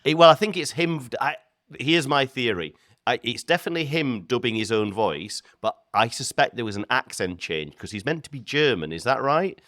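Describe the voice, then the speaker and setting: A man's voice: mid-range voice, moderate pace, no echo, studio quality. Man, nerdy film chat. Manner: animated, stumbling restarts, nerdy filmmaker asides. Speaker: film podcast co-host. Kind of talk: casual film discussion.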